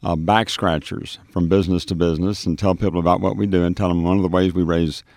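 A man's voice: sits low, level tone, fast, darkish tone, no room sound, clean studio sound. A man who ministers on the streets, telling a testimony on a radio show, acting out the voices in his story with frequent restarts. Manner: storytelling, acts out quoted dialogue, frequent restarts.

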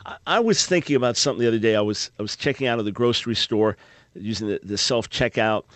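A man's voice: lowish voice, fast, fairly bright tone, dry recording. Upbeat man in his fifties hosting radio. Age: 50s. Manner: earnest, upbeat, repeats words when restarting. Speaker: radio talk show host. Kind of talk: call-in radio talk. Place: dry radio studio. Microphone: studio microphone.

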